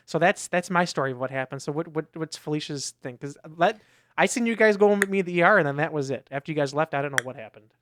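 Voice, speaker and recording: Speaking quickly with lively intonation, this man's fairly bright, higher-pitched voice carries a rambling podcast anecdote. He co-hosts the casual chat, restarting often and performing quoted lines.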